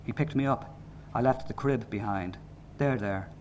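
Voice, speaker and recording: A man reading a novel aloud in measured, sombre narration. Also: medium pitch, darkish tone, slight background noise. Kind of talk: audiobook narration.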